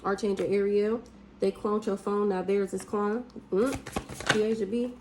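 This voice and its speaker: A woman doing a casual spiritual reading, blunt and profane, with drawn-out hums and exclamations. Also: mid-range voice, flat delivery, background noise. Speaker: spiritual reader.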